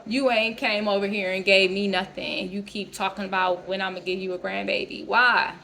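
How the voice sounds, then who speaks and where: A woman in her thirties vents in a casual vlog rant, blunt and heavy on profanity. Her voice sits at a middle pitch. Faint background noise runs under it. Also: steady tone, moderate pace, pushed and bright. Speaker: vlogger.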